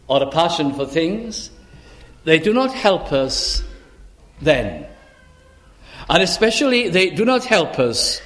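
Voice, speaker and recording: A man's voice: on the high side, a bit bright. A male minister preaching a sermon with earnest, pleading rhetorical questions and quotations in old-style scripture wording.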